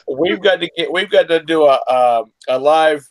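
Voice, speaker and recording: A man's voice: a little high, moderate pace, dry recording. A man joking wryly in casual chat on a video call. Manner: joking, wry.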